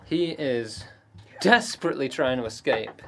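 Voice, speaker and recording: Slow game master, lively pitch, hesitant narration, laughs often. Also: male voice, background noise. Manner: hesitant, many fillers and restarts, laughing often. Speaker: dungeon master.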